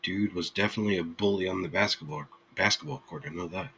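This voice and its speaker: A man's voice: deep voice, big pitch swings, fast talker, gravelly, bright, forceful tone, slight background noise, rough recording. A man hosting a live stream, chatting casually with his viewers in an easygoing, rambling way and laughing freely. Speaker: streamer host.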